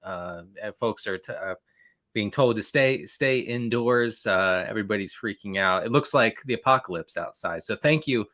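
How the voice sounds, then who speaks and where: A man's voice: lowish voice, normal speed, a bit bright. A man guesting on a fantasy football podcast, rambling and repeating words as he talks. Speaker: guest analyst.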